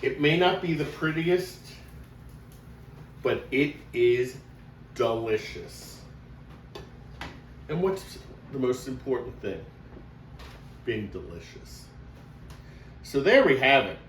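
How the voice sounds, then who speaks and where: A man hosting a casual home cooking vlog, chatting slowly and warmly to viewers as he cooks. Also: medium pitch, very animated, a little hiss or hum. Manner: slow, homey, talks to viewers while cooking. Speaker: cooking show host. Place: home kitchen. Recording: echoey kitchen, mic far off.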